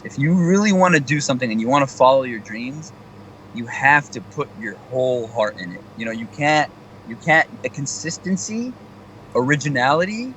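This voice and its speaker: A young male comedian chatting as a radio guest, animated and motivational in tone. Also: medium pitch, moderate pace, a little hiss or hum, low-quality recording. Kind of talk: casual radio interview chat.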